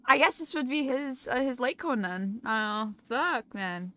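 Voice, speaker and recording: Slow-talking woman streamer, swears freely. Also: high-pitched, very animated, a bit bright. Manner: swears freely, chatty and self-mocking. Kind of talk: casual live-stream gaming chat.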